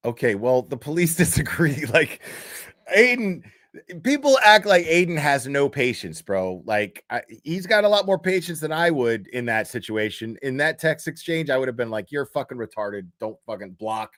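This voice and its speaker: A man's voice: on the high side, sing-song, normal speed, fairly bright tone, no echo, clean studio sound. A man giving a profane, exasperated reaction commentary, reading posts aloud and mocking them. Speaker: commentary streamer.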